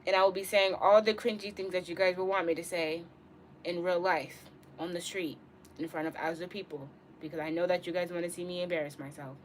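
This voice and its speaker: A bubbly young woman streams live from her bedroom, chatting with viewers and answering their comments. She is giggly and playful, jumping from loud outbursts to quiet mumbles. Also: on the low side, fairly even intonation, a little fast, a little hiss or hum.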